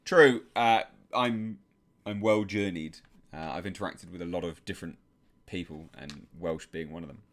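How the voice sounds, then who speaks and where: With a deep voice and an English accent, a live-stream host reads viewers' chat questions aloud and replies gently and deliberately, leaning on many filler words.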